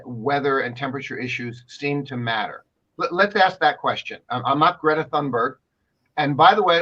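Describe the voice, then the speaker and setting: A man's voice: mid-range voice, sharp tone, muffled recording. A man co-hosting a commentary show, talking emphatically and repeating himself as he rambles. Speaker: co-host. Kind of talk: casual commentary talk show.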